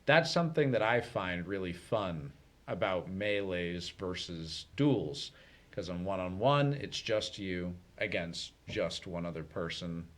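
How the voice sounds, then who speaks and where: A man with a fairly low voice talks through a topic in easygoing, unhurried chat. He explains at length, full of "um"s and small restarts, in the manner of a community TV co-host. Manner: relaxed, explanatory, many fillers. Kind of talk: casual chat. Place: community TV studio.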